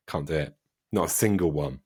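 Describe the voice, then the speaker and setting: Deep-voiced British man, husky. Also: normal speed, darkish tone. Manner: self-deprecating, chatty. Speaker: podcast host. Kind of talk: casual conversation.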